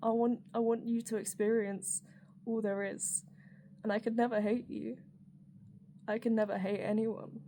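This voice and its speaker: A woman's voice: on the high side, level tone, normal speed, pauses often, dark tone, a little hiss or hum. Candid, rambling woman vlogger. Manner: rambling and candid, with frequent fillers, swearing and laughter. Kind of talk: personal reflective monologue.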